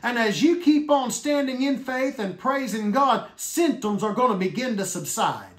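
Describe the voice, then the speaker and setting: A man with a very high voice preaches in an emphatic style. He slows right down to lean on key words. The sound carries a roomy echo. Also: lively intonation. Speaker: minister. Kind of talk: sermon.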